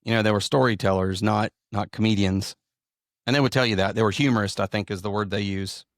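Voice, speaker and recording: Southern-drawling comedian, dry close mic. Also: male voice, fairly low pitch, fairly even intonation, brisk, no echo. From American South. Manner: rambling, self-deprecating storyteller with many restarts. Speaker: comedian and pastor. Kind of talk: interview conversation.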